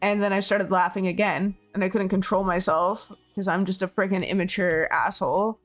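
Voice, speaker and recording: A hoarse woman streamer chatting casually with her viewers, rambling, laughing often and swearing freely. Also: medium pitch, steady tone, moderate pace, faint music behind. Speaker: game streamer. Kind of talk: casual chat with viewers while building.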